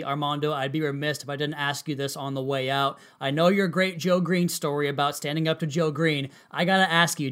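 Male podcast host, a touch high-pitched, steady and earnest. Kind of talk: podcast interview and wrap-up.

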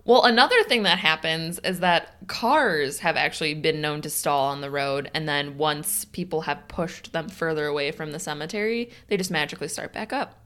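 This Illinois woman co-hosts a casual podcast in a Chicago accent, chatting and reading a listener's story aloud with easy laughs and short, dry replies. Her low voice is a bit bright, moving at normal speed with few pauses.

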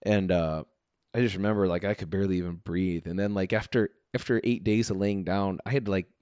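A man telling a wild story in casual chat, animated, laughing often and saying "dude" and "like". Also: sits low, a little fast, clean tone, dry recording, dull audio.

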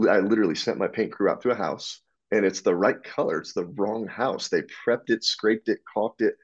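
A man telling stories as a podcast guest, animated and frank, acting out dialogue and swearing freely. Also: lowish voice, slightly rough. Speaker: podcast guest, business owner. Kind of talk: casual interview storytelling. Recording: dull lo-fi sound.

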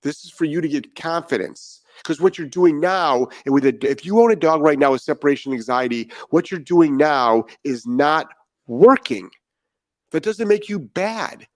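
A man's voice: on the high side, lively intonation, moderate pace, no echo. A man talking as a dog trainer in a podcast monologue, blunt and profane and firing off rhetorical questions.

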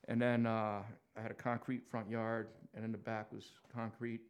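A man's voice: on the low side, normal speed, smooth. New york guy in his 50s, laid back, chuckles a lot telling old stories. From Queens, New York. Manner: relaxed storytelling with frequent chuckles. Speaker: guest. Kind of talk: casual conversation.

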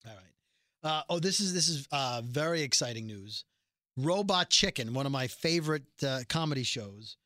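A man's voice: mid-range voice, animated, moderate pace, pushed and bright, no room sound, studio quality. A man co-hosting a podcast in casual chat, rambling with frequent restarts. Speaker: podcast co-host.

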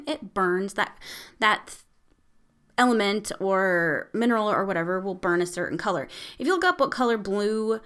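A woman's voice: on the high side, fairly bright tone. Chatty, rambling woman telling a story. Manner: rambling and chatty, with frequent fillers and casual swearing. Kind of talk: casual storytelling.

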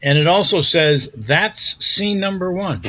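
A man hosting an improv comedy podcast, deadpan and matter-of-fact. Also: sits high, a little slow.

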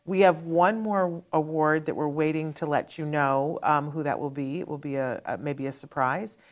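A woman's voice: low-pitched, fairly even intonation, normal speed. A woman hosting a live Q&A show, chatty and upbeat, running through announcements in long strings. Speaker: host.

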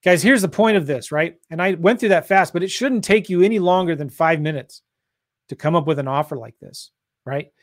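A man from St. Louis coaching real estate investors on a livestream, pushing hard in an energetic sales style. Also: fairly high pitch, fairly quick, dry recording, clean studio sound. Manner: pushy, energetic sales talk.

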